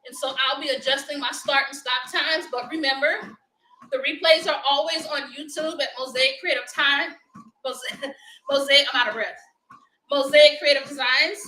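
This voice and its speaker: A woman's voice: high voice, bright, forceful tone, reverberant, slight background noise, rough recording. A woman, hosting a casual live motivational chat, upbeat and laughing often as she talks to viewers. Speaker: livestream host.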